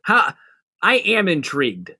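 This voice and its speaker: A man's voice: sits high, wildly swooping pitch, a little slow, sharp tone, no room sound, clean studio sound. A man co-hosting a casual podcast, playful and rambling with frequent laughs. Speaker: podcast co-host.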